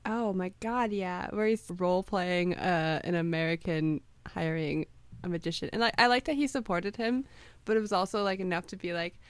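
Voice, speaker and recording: A woman co-hosting a podcast, chatting casually as a fan, playful and gushing and quick to laugh. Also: lowish voice, smooth, no echo. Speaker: podcast co-host.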